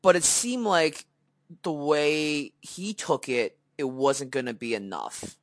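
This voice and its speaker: In a dry recording, a young man with a fairly high voice speaks slowly. He co-hosts a podcast and tells an animated, casual story, acting out the dialogue and using many fillers.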